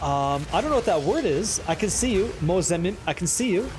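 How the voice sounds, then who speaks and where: A man streaming a game live, excitable and profane as he banters with his chat. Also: sits high, brisk, over music. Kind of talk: live gameplay commentary chatting with viewers.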